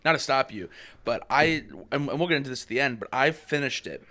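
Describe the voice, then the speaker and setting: A man co-hosting a casual podcast, chatty and animated as he tells stories. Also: medium pitch, fairly quick. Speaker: podcast co-host.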